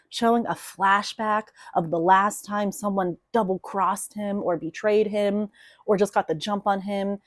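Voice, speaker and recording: A young woman talking casually to camera as a writing coach, telling a story in a chatty, animated way with plenty of fillers. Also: medium pitch, no echo, studio quality.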